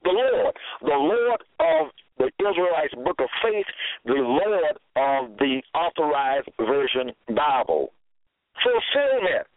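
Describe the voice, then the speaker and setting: A man preaching a sermon slowly and emphatically, his pitch swinging widely as he stresses words. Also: sing-song, dry recording. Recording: tinny phone line, dry.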